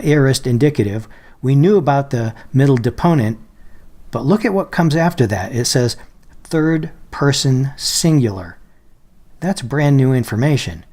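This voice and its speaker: A man calmly walking viewers through a software feature in a screen-recorded tutorial, slowing down on quoted phrases and examples. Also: medium pitch. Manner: patient, explanatory, slows down on quoted phrases. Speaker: Bible software tutorial presenter. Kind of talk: screen-share software walkthrough.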